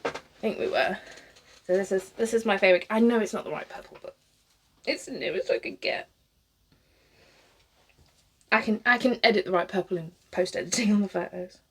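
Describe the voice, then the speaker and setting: A husky-voiced British woman in her thirties talks while she works on a wig, wandering from thought to thought. She laughs often and swears freely. Her pitch sits in an ordinary middle range. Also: brisk, long pauses. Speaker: cosplayer. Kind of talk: casual chat while styling a wig.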